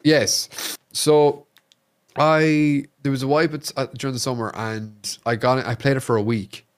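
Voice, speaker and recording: An Irish man, a streamer guest on a podcast, chatting casually and telling animated stories, swearing freely. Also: mid-range voice, a little slow, smooth. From Ireland. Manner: animated storyteller, swears freely, acts out quotes.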